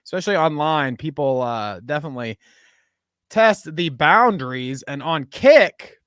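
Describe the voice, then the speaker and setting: Male podcast host, slightly high voice, giggly and loose, dry close mic. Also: animated, unhurried, fairly bright tone, clear, resonant tone, dry recording. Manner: laughs often, rambling. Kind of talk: casual chat.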